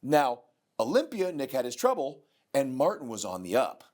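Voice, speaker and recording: A man co-hosting a casual talk, sharing opinions in an expressive way. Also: medium pitch, moderate pace. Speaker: co-host. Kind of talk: casual bodybuilding chat.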